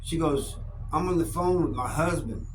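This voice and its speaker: A middle-aged man tells his stories in a relaxed, folksy way. His voice sits a bit high for a man. A faint background hiss runs under the recording. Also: normal speed. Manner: laid-back, folksy, animated when quoting people. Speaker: YouTube storyteller. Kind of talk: casual storytelling to camera.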